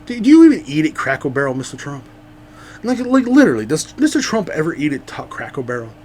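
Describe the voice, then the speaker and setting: Animated, profane podcast ranter. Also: male voice, on the high side, quick pace, a little hiss or hum. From Central Texas, USA. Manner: profane, rambling, heated and sarcastic. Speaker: podcast host. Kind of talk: casual ranting monologue.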